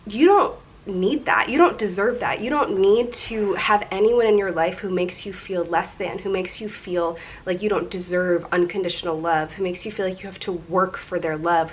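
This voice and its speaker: A woman's voice: on the low side, moderate pace. A woman in her twenties talking candidly and emotionally in a personal confessional vlog, rambling a little as she goes. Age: 20s. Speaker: vlogger.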